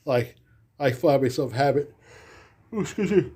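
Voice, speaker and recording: A man, a podcast guest telling loud, animated stories in casual chat, cursing freely and acting out the people he quotes. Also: mid-range voice, moderate pace, husky. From the Bronx, New York. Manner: animated, swears freely, acts out quotes loudly. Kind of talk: casual storytelling.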